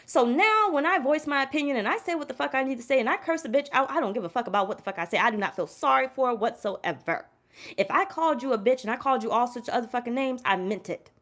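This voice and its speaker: A woman's voice: on the high side, quick pace, fairly bright tone. A woman tarot reader giving a casual spiritual pep talk to camera. She speaks bluntly and emphatically, curses freely and repeats her points. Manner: blunt, emphatic, heavy cursing, repeats herself.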